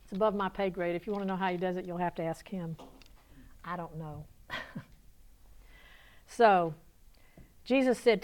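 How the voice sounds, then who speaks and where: A woman pastor with a Southern US accent preaching at a conference, folksy and chatty, building to excited call-and-response. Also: lowish voice, moderate pace, pauses often. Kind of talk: sermon. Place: church conference hall.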